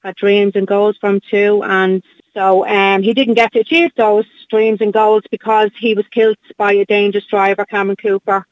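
Middle-aged Irish mother on a muffled phone line, halting and repetitive, flat, dry. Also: mid-range voice, dry recording. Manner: halting, repeats herself, many fillers. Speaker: guest, bereaved mother. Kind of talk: phone interview, emotional recounting.

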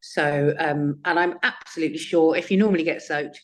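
A woman, an actress and singer, chatting as a guest in a casual radio interview, lively and quick to laugh. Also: low voice, slight background noise.

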